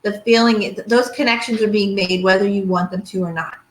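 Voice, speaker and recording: A middle-aged woman talks parents through a workshop in a loose, chatty way, pausing often to check they follow. Her voice sits at an ordinary middle pitch. The sound carries the echo of a bare room. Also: fairly even intonation. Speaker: pediatric physical therapist teaching a parenting workshop. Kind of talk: casual workshop lecture. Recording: echoey room.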